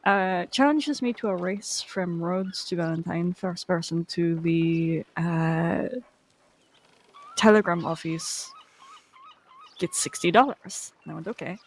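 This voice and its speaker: A woman player telling an animated story in character, acting out the other people's lines as she goes. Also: lowish voice, slow. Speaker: roleplay game player.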